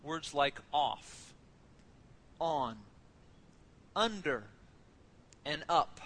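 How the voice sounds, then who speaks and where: A man's voice: fairly high pitch, lively intonation, extremely slow, fairly bright tone, slight background noise, rough recording. A man in his thirties preaching a sermon as a pastor, conversational and joking, telling family stories.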